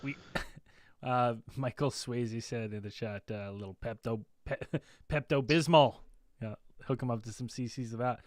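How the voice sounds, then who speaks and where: A man's voice: medium pitch, unhurried, dry recording, clean studio sound. A man hosting a podcast, chatting casually with fillers and reading out the chat. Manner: laid-back, filler-heavy, reading chat. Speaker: podcast host.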